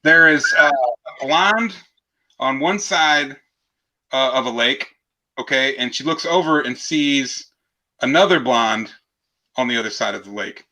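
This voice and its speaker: A man runs a casual live joke stream in a brassy, bright voice at an everyday pitch. He teases himself and tosses in mouth-made rimshots. The mood is easygoing banter. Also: lively intonation, measured pace, pauses often, rough recording. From half Mexican heritage. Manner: goofy, self-mocking, adds rimshot sound effects.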